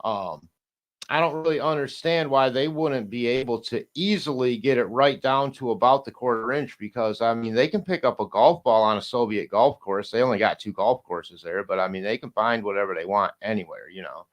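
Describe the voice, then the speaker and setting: A man of ordinary pitch chatting as a podcast guest. He rambles and circles back, stumbling over restarts. His talk is loose and blunt, with the odd swear. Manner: rambling, halting, many restarts, swears and laughs. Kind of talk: casual podcast chat.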